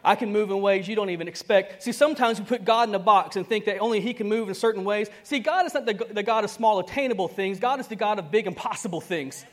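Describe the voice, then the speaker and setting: The pastor's high voice races along with hardly any pauses as he preaches conversationally to the congregation. He voices characters in dialogue, swings abruptly in volume, and often chuckles.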